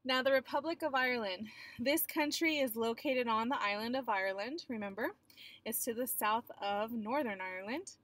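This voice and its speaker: A woman's voice: fairly high pitch, moderate pace, a bit bright. A young adult woman teacher giving a recorded geography lecture in a chatty, explanatory way with frequent filler sounds.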